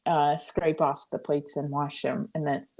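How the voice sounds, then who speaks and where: A woman in her thirties co-hosting a podcast, chatting in a relaxed, hesitant way with lots of fillers. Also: low voice, slight background noise. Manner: relaxed, hesitant, many fillers and quick agreements. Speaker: podcast co-host. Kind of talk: casual chat.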